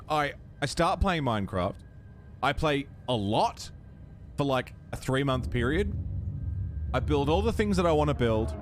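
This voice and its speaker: A young Australian man hosts a casual game livestream, loose and talkative and given to cheerful swearing. His voice sits in an ordinary middle register and sounds natural and unforced. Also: medium pitch. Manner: chatty, swears casually, reads game dialogue aloud. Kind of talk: casual gaming stream chat.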